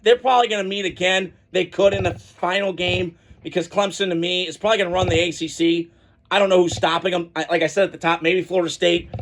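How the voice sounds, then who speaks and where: A man's voice: sits high, a bit bright. A man hosting a college football podcast, giving casual, opinionated solo commentary with rambling asides and frequent restarts.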